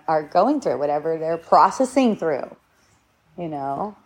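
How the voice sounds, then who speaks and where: A middle-aged woman giving a casual spiritual talk, rambling and repeating her words as she goes. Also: medium pitch. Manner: rambling, repeats words, acts out shouts and quotes.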